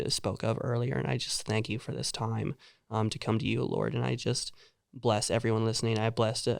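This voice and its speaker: A teenage boy co-hosting a faith podcast with friends, joking around and praying haltingly with many fillers. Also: lowish voice, creaky, clear, resonant tone, no echo, clean studio sound. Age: teens. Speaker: podcast co-host. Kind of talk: casual chat among friends.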